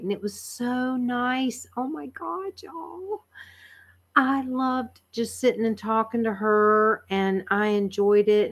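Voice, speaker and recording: A woman, chatting casually with viewers on a livestream, tired and a bit croaky, laughing often and rambling with fillers. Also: mid-range voice. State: tired, frog in her throat. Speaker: livestream host. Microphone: computer microphone.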